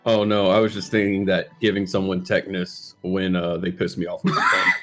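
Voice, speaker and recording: A man playing a tabletop game, calmly describing his character's actions in the third person with a dry manner. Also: low-pitched, a little fast, soft background music. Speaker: player. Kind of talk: casual tabletop play.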